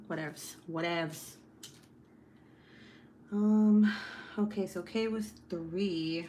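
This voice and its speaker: Woman, young adult, livestream host, casual chat, swears a lot, laughs often, lowish voice, light background noise. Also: gravelly. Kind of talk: casual live-stream chat reading comments. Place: home.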